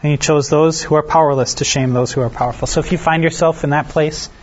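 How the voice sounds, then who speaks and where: A man leading a casual Bible study, reading scripture aloud and then explaining it in a relaxed, self-deprecating way while asking the group questions. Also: fairly high pitch, quick pace, a little hiss or hum. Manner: asks the listeners questions. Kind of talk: conversational Bible teaching. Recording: dull lo-fi recording.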